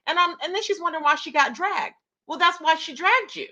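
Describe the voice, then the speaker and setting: Woman, sassy gossip commentary, high voice, bright and sharp tone. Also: brisk, lo-fi sound. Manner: sassy, gossipy, talks to chat as y'all. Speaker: commentator reacting to a live-stream clip. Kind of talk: casual commentary.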